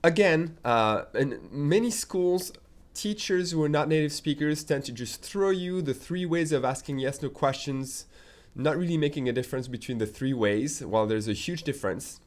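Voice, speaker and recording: A man's voice: fairly high pitch, lively intonation, normal speed. Patient man teaching a language lesson. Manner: patient, methodical, often checking in with "okay?". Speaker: French teacher.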